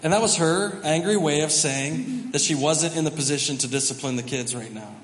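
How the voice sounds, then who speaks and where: A man, the pastor, telling a family story during a sermon, animated and self-mocking. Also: on the high side, moderate pace. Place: large church auditorium. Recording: reverberant hall, faint background noise.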